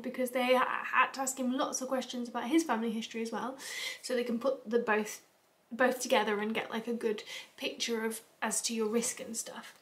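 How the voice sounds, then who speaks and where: A woman's voice: fairly high pitch, a bit bright. A young British woman vlogging in a rambling, casual, confessional way, tearful and emotional. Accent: British English. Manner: chatty, rambling with fillers and asides.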